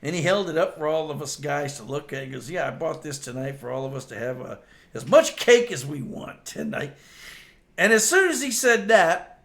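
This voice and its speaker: A man's voice: a little high, very animated, moderate pace, fairly bright tone. An older man casually telling stories about his old workplace pranks and laughing often as he goes. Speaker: storyteller host. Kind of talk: casual storytelling.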